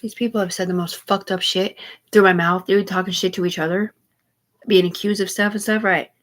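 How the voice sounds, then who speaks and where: A livestreamer with a mid-range voice and steady tone delivers a loose, rambling monologue to her stream. She's agitated and swears a lot, jumping between rapid digressions and repeatedly saying "dude."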